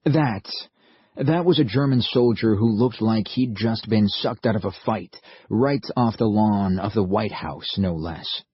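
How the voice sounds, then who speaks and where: A man voicing a calm man who speaks quietly and in a measured way. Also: fairly low pitch, slightly rough, no echo, dull audio. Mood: grave.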